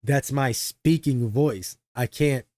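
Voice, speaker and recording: A man's voice: mid-range voice, slow, darkish tone, dry recording. A young man, a streamer, chatting casually and rambling in slang to his viewers, often mocking himself. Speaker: streamer reacting to a video.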